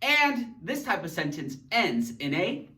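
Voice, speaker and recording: A man teaches grammar in a playful, theatrical way, hamming up his example sentences. His voice sits high and leaps all over the place, and he talks slowly. He is heard a little distant from the microphone. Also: sing-song, sharp tone. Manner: theatrical, jokey, acting out silly example sentences. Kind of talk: animated educational video lesson.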